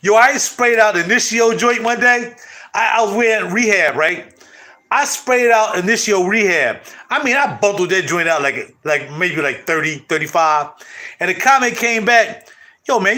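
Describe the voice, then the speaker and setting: A middle-aged man hosting his channel, chatting casually to viewers in loud, animated, slangy street talk. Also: high voice, moderate pace. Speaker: channel host.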